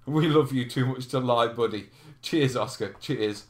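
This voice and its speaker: A man's voice: medium pitch, a little slow. A man hosting a live question stream, chatting casually, laughing and reading out viewer comments. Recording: roomy echo.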